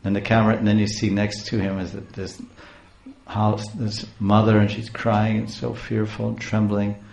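A man's voice: fairly low pitch, flat delivery, moderate pace, creaky, a little mellow. A man telling a scripture story in a lecture, chanting verses and chuckling as he explains, recorded in an echoey room. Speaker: speaker on scripture. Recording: roomy echo.

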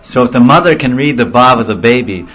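Muffled and lo-fi, the recording catches a man's husky, slightly bright voice of medium pitch, brisk and lively in intonation. Giving a casual devotional talk, this spiritual teacher plays the storyteller, laughing and mimicking voices.

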